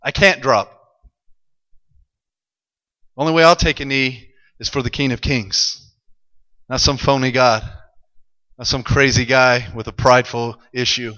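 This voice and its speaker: A man voicing a faithful young man who quietly refuses to bow, speaking low and firm. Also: steady tone, measured pace, pauses often, long reverb tail, highs cut off. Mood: resolute. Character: defiant, faithful young men, quietly resolute.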